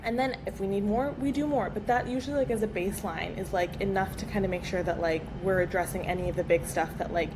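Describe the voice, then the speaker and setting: Woman guest therapist on a podcast, talkative and animated, with clear noise behind her. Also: mid-range voice. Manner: fast, filler-heavy, frequent "like". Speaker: pelvic floor physical therapist guest. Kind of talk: casual podcast chat. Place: podcast studio. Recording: background noise.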